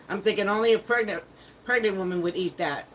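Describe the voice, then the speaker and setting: A woman's voice: mid-range voice, fairly bright tone, slight background noise, rough recording. Woman, livestream host, casual comment-reading chat, teasing, laughs a lot. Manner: playful, teasing, laughs often.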